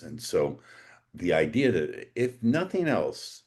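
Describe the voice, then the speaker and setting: A man hosting a podcast interview, talking in a relaxed, rambling way with jokes. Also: low-pitched, slow pace. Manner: joking, rambling. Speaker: podcast host. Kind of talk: conversational interview.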